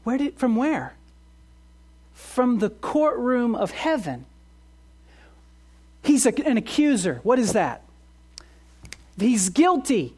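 A woman pastor preaching a sermon, earnest, with quiet emphasis and fervent outbursts. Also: a little high, sing-song, takes it slowly, long pauses, husky.

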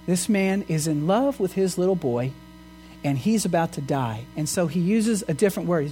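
A man's voice: sits high, lively intonation, normal speed, dark tone, faint music behind. A man pastor preaching a sermon in an earnest way, asking his listeners questions. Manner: earnest, asks the congregation rhetorical questions.

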